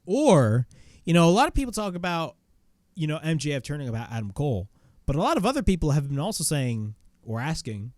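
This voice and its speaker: A man's voice: on the high side, sing-song, brisk, a little mellow, dry recording, clean studio sound. A man reviewing a wrestling show in casual chat, recapping moves play by play and swearing bluntly.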